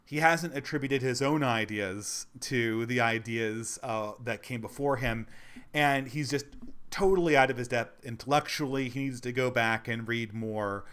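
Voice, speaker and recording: This is a smug male critic who waves every point away, as a man parodies him. The voice is slow, loud and mocking, and lays extra weight on each complaint. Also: medium pitch, smooth, close to an everyday voice. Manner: mocking, slower and louder than his own talk.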